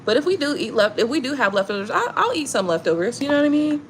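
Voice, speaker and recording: Brief: woman, live-stream host, high lively voice, faint room hiss. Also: quick pace. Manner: animated storytelling, swearing, frequent laughter. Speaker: tarot reader hosting a live stream. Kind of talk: casual chat with viewers.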